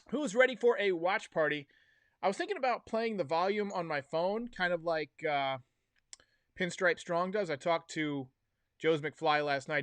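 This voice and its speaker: This podcast host's voice is high and a bit bright, with no echo, picked up through headphones and a desk mic. He runs a casual sports livestream, chatting with viewers in a wry, opinionated way.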